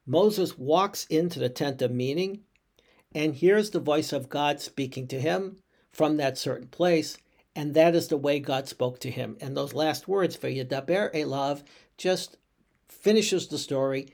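A rabbi explains a Hebrew verse, walking listeners through it step by step. His voice is gravelly and sits a little high for a man. He asks questions aloud and corrects himself as he goes. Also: unhurried, a little mellow. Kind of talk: teaching Torah commentary.

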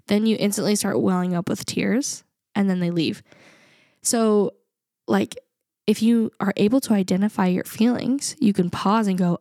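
A young adult woman co-hosts a casual podcast, speaking earnestly and reflectively and laughing often. Her medium-pitched voice is a little mellow with fairly even intonation and a moderate pace, captured in studio quality with no echo.

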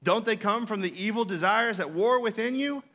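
Bright-voiced pastor preaching. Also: male voice, high-pitched, normal speed. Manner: storytelling, conversational, with playful asides to the congregation. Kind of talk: sermon.

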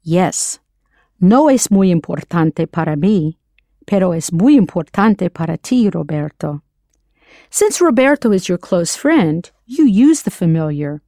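Woman, language teacher, scripted lesson, patient, spells out words, animated pitch, dry sound. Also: measured pace, no room sound.

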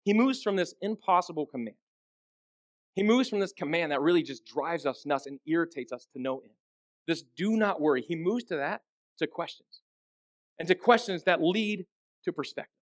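A man's voice: a little high, expressive, normal speed. A man preaching a sermon in a conversational way, often asking his listeners rhetorical questions. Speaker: pastor.

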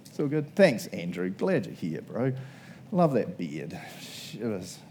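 A man's voice: fairly low pitch, very animated, takes it slowly, mellow, slight background noise. A young man preaching a casual sermon, chatty and laughing often, acting out little quotes.

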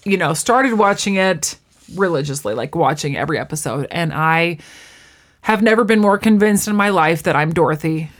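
A woman's voice: on the low side, moderate pace. A young woman in casual chat, telling stories with a sarcastic edge and frequent "like" fillers. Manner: animated storyteller, sarcastic, many "like" fillers.

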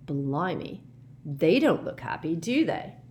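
Woman doing a jumpy teenage boy, nervous, exclamatory, low voice, storybook. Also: very animated, takes it slowly, a little mellow, slight background noise, heavily acted. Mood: jittery.

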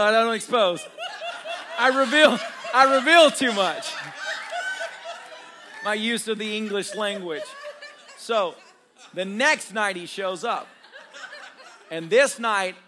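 A man's voice: high-pitched, bright, forceful tone, slight background noise. A man preaching a storytelling sermon as a pastor, humorous and self-deprecating, laughing often as he talks straight to his congregation. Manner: conversational, addresses congregation directly.

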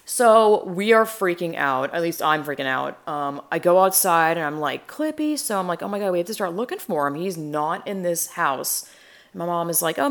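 Young woman, low and gravelly, casual rambling storyteller. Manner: rambling, chatty, acts out quotes.

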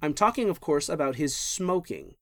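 Animated jokey podcast co-host, dry sound. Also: normal speed, no echo. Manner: animated, jokey, pitch jumps up when excited. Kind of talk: casual chat about film history.

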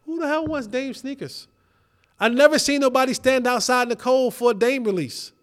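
A man in his thirties hosting a casual sports talk show, animated and joking, repeating himself as he rants. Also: extremely high pitch, a little fast. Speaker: podcast host.

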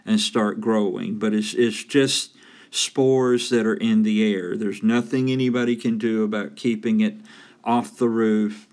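A man's voice: lowish voice, fairly even intonation, a little slow, a little mellow. A man with a Southern US accent hosting a home maintenance podcast in a folksy, joking way. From Southern United States. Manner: folksy, joking, self-promoting. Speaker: podcast host and roofing consultant. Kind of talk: casual solo podcast monologue.

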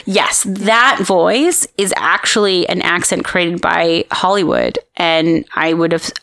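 A woman's voice: on the low side, expressive, takes it slowly, a bit bright, dry recording. A woman hosting a podcast, telling a story in a casual, rambling way with lots of restarts. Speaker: podcast host. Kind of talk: casual chat.

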